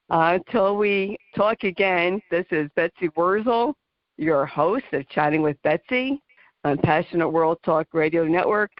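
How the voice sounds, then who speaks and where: A woman's voice: on the low side, measured pace, no room sound, dull audio. A woman hosting an internet talk radio show, speaking earnestly as she advocates and signs off. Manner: earnest, advocating, with small laughs. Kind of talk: casual talk radio sign-off.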